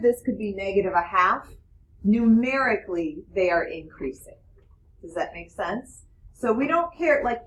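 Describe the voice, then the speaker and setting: A woman teaching math in a classroom, explaining with quick questions to her students. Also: medium pitch, a little hiss or hum, rough recording. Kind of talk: classroom lecture.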